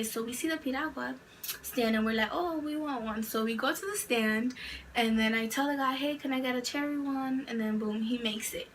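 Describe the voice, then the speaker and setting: A young adult woman vlogger telling a storytime tale in a rambling, chatty way, full of "like" fillers. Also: on the high side. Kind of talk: storytime narration. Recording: distant mic with faint background noise.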